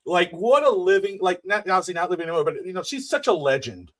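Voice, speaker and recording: A middle-aged man co-hosting a wrestling podcast, excitable and swearing, laughing often as he acts out the moments. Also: high voice, fast. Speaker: podcast co-host. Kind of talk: casual wrestling podcast chat.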